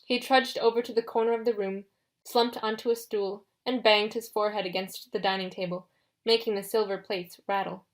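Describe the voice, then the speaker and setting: A woman narrating a fantasy audiobook in steady first-person storytelling. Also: medium pitch, brisk.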